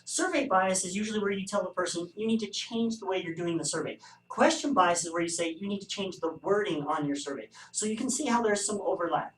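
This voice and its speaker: A man's voice: sits high, a little fast, few pauses. A man teaching a statistics class, explaining survey bias with wry, joking asides. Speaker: statistics instructor. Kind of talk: recorded classroom lecture. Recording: echoey room, distant mic.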